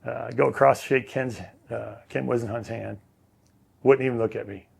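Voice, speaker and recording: A man, a former quarterback, telling stories as an interview guest in a relaxed, rambling way with many fillers and restarts. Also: mid-range voice, normal speed, gravelly, breathy edge. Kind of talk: casual storytelling.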